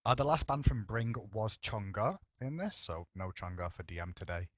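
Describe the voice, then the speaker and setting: A man's voice: fairly low pitch, lively intonation, moderate pace, a bit bright, no room sound, studio quality. A man casting a live esports match, joking and bantering with his co-caster between calls. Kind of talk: live esports play-by-play commentary.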